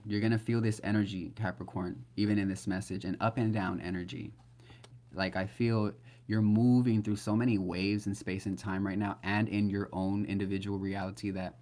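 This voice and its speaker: A man's voice: fairly low pitch, darkish tone. A man giving a casual live-stream tarot reading, blunt and chatty, swearing freely. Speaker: tarot reader.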